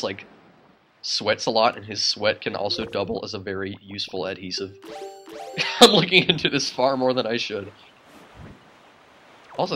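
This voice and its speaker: A man hosting a video game let's play, with rambling, excitable commentary and frequent laughter. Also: fairly low pitch, a little hiss or hum, rough recording. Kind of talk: casual gameplay commentary.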